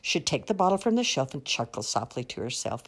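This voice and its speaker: A woman's voice: very deep voice, big pitch swings, a little fast, breathy edge. A woman reading a rhyming picture book aloud as a storyteller, with a lilting, rhythmic delivery.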